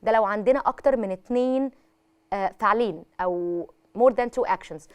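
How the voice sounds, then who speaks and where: A woman's voice: mid-range voice, racing, clear, resonant tone. A woman with an Egyptian accent teaching an English lesson on a TV channel, explaining in Arabic and stressing her example sentences.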